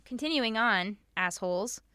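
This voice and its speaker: A woman co-hosting a podcast, casually telling a dark history story, swearing and laughing along the way. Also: on the high side, expressive, moderate pace, clean tone, no room sound.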